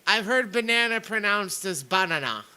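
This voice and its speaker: A man's voice: a little high, moderate pace, pushed and bright, rough recording. A man streaming a sarcastic rant, stammering and repeating words as he comments on clips.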